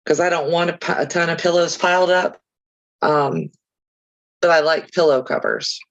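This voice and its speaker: A woman's voice: on the low side, fairly even intonation, moderate pace, dull audio. A woman hosting a casual crafting livestream, chatting easily with viewers and reading out their comments, with chirpy, self-deprecating asides.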